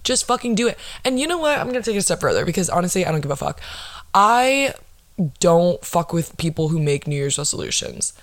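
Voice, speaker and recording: A woman's voice: on the low side, sing-song, brisk. A woman hosting her own solo podcast, ranting in a sarcastic, profane way full of fillers. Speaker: podcast host.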